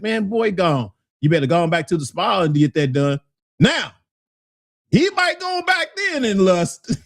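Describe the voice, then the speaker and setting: A man's voice: a little high, darkish tone. A man hosting a casual talk show, reading listener comments and answering in a loose, conversational way. He laughs often and keeps saying "you know what I'm saying".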